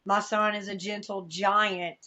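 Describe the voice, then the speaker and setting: Southern woman guest, candid and emotional storyteller, mid pitch, slightly dull recording. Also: little pitch movement, a little slow, bright, forceful tone. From American South. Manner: candid, emotional storytelling, acts out quoted voices. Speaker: podcast guest. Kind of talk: personal testimony in conversation.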